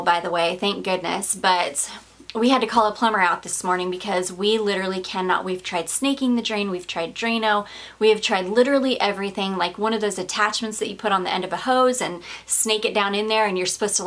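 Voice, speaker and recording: A woman's voice: medium pitch, fairly bright tone. A woman reviewing perfumes in a casual vlog, gushing and rambling with fillers and small laughs, slightly out of breath.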